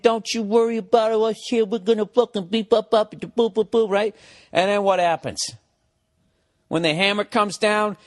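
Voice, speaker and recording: A man's voice: medium pitch, dry recording, studio quality. A man hosting his own podcast from a room at home, ranting sarcastically and swearing a lot. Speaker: podcast host. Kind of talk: solo comedic podcast rant.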